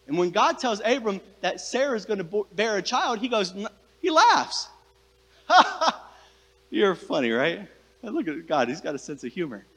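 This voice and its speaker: High-voiced pastor preaching in reverberant hall. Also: male voice, sing-song, brisk, fairly bright tone. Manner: conversational preaching, addresses the congregation directly. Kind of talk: sermon. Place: church sanctuary with a congregation.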